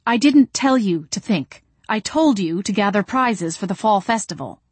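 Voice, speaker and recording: A woman's voice: on the low side, animated, normal speed, no room sound. A woman reading as a stern, condescending committee head. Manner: curt and condescending.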